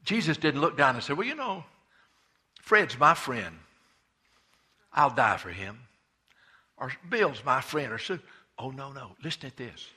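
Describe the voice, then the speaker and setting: Fervent male preacher, bright and husky. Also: mid-range voice, very animated, unhurried, pauses often. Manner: fervent preaching, swinging from loud cries to hushed asides. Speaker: pastor. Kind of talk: sermon.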